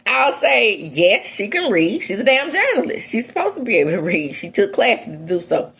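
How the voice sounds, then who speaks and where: A woman hosting a gossip show, talking casually and bluntly in a mid-height voice. Her tone drops into low muttered asides, then jumps up into loud, high exclamations when she makes a point. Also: big pitch swings, normal speed, husky. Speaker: entertainment gossip host. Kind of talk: opinionated casual commentary.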